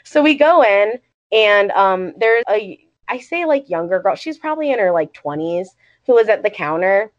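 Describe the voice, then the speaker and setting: A young woman from Ohio, co-hosting a podcast and excitedly telling a story in casual chat, full of "like" fillers. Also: medium pitch, normal speed, dry recording, dull audio. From Ohio, United States. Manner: excited, gushing, lots of "like" fillers. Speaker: podcast co-host.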